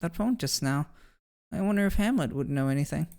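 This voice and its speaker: A woman's voice: deep voice, expressive, a little fast, a little mellow, pitched above the performer's own voice. A woman playing a frightened young woman. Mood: anxious. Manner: anxious, questioning. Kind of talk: fan voice acting of a game.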